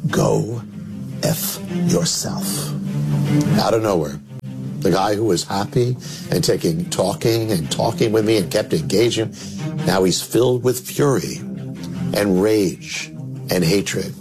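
A man who is a minister tells a story in a sermon, dramatic, with sudden drops to low, emphatic tones. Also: measured pace. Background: music.

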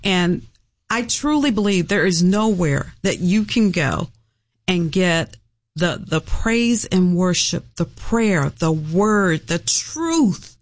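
Female guest, low pitch, very slow, heartfelt testimony. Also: lively intonation, no room sound.

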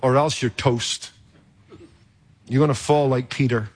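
A man preaching a sermon in an emphatic, rhetorical way, with dramatic pauses and sudden jumps in loudness. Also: mid-range voice, steady tone.

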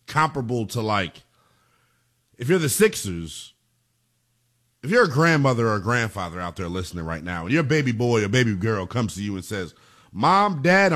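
A man hosting a sports talk radio show, delivering an emphatic, animated monologue. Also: medium pitch.

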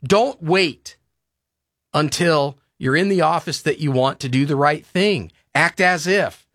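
Ranting high-voiced talk radio man. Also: measured pace, a bit bright, dry recording, studio quality. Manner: impassioned, ranting, pleading. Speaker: radio talk show host. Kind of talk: heated political talk radio.

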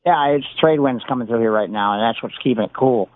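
An easygoing male caller chats over a tinny phone line. His voice sits at a middle pitch, and the line sounds dry and narrow. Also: quick pace, no room sound. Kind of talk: phone-in chat.

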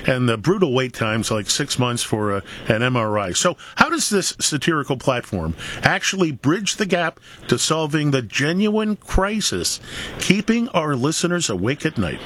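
A man's voice: fairly high pitch, sing-song, moderate pace, fairly bright tone, slight background noise. A man from Canada hosting a radio show, asking long questions in a playful way and chuckling often. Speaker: radio host. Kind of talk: radio interview.

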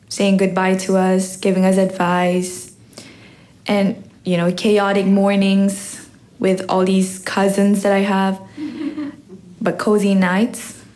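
Teen girl telling a personal story on stage, slow and thoughtful, takes her time. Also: medium pitch, darkish tone. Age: teens. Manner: slow, reflective, unhurried.

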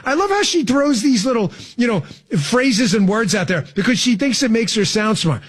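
A man's voice: very high voice, lively intonation, a little fast. A man hosting political talk radio, sarcastic and emphatic, mocking what he hears. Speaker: radio talk show host.

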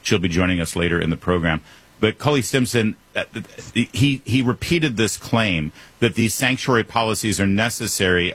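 A man's voice: low voice, a bit bright, slightly rough. A man hosting a talk radio show, interviewing a guest with emphatic opinions and frequent restarts.

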